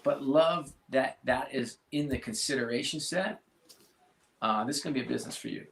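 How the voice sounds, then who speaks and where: A middle-aged man speaking candidly as an interview guest, earnest and halting, often restarting his sentences. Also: medium pitch, creaky, echoey room. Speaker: sports team executive, guest.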